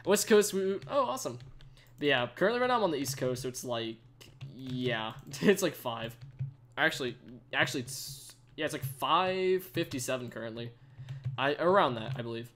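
A man's voice: medium pitch, animated, moderate pace, a bit bright, slight background noise. A young man giving chatty live commentary on a game he is playing, greeting viewers and using lots of fillers. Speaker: streamer. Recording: faint keyboard typing behind.

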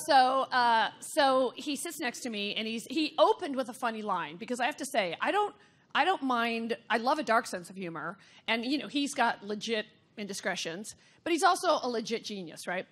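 A woman comedian in her fifties tells a gossipy story with lively, blunt asides. Her voice sits a little high. The delivery feels loose and candid, like a guest spilling stories on a talk show. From United States. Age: 50s. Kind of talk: candid anecdote in an interview.

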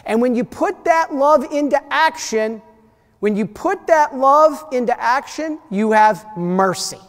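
A man's voice: extremely high pitch, expressive, a little slow. Storytelling preacher man in a reverberant church. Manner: storytelling preacher, repeats key phrases, acts out quoted voices. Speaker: priest giving a parish mission. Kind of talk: sermon.

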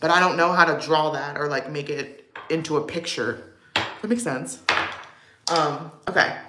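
A woman's voice: low-pitched, normal speed, very noisy. Chatty young woman in an echoey room. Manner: chatty and rambling, lots of "like", answers chat. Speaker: livestream vlogger. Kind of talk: casual get-ready-with-me livestream chat.

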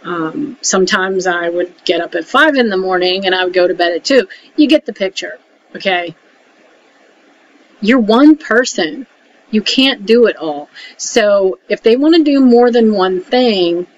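A woman's voice: mid-range voice, expressive, normal speed. Chatty woman giving frank life advice. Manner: chatty, keeps checking in with "okay?"; frank, mildly salty. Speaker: emotional support vlogger. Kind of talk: casual advice talk to camera. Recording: dull lo-fi audio with faint hiss.

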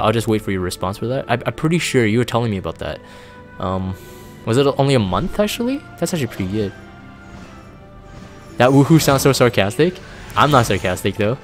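A man's voice: medium pitch, animated, fast talker, faint music behind. A man casually chatting on a live stream, reading chat aloud and rambling with plenty of fillers. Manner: reads chat aloud, rambling and laid-back with many fillers.

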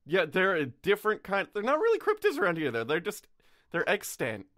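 A man's voice: sits high, wildly swooping pitch, a bit bright, dry recording, studio quality. A man co-hosting a podcast, chatting casually in a rambling way with laughs. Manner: rambling, laughing, quick asides. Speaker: podcast co-host. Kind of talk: casual chat.

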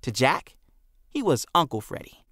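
A man reading an audiobook aloud as narrator, with expressive storytelling. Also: medium pitch, normal speed, dry recording, studio quality. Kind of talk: scripted narration.

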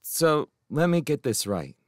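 A man voicing a grumpy, sharp-tongued teenage girl in a storybook reading, curt and sceptical. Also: a little high, very animated, a little slow, no echo, studio quality, voice pushed up.

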